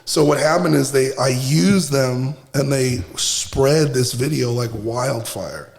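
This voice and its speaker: A podcast guest from Brooklyn, USA, with a mid-range, slightly mellow voice, tells stories slowly but emphatically in a casual conversation. He restarts often and swears freely. The recording is roomy, with long reverb.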